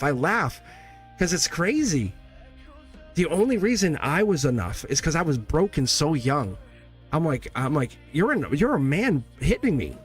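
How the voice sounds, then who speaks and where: A man in his forties hosts a live tarot stream in an emphatic, rambling style, laughing between points. His voice sits at an ordinary middle pitch, and faint music plays quietly behind him. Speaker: tarot reader and livestream host.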